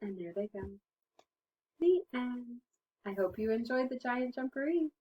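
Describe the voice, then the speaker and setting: A woman teacher reading a children's picture book aloud, gentle and expressive. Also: a little high, a little slow, slightly rough, highs cut off. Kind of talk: storybook read-aloud.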